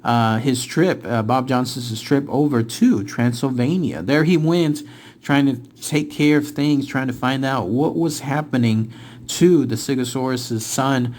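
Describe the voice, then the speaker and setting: Man reading a dark true-case book aloud. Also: mid-range voice. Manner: dramatic storytelling, rising for tense moments and slowing for reveals. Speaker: book reader and channel host. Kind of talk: reading a book aloud, then casual commentary.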